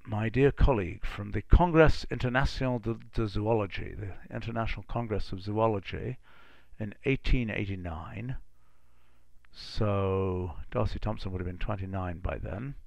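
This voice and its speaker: A middle-aged man hosting a live stream, musing aloud as he reads old letters haltingly, with asides. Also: lowish voice, creaky, dry recording. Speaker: live-stream host reading archival letters. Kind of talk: casual think-aloud reading.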